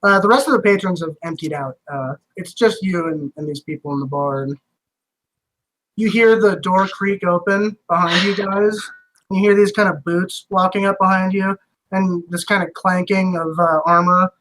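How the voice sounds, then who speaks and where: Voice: mid-range voice, normal speed, a bit bright, low-quality recording. Swearing, casual game master. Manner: casual, loose, swears freely. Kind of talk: narrating a tabletop game.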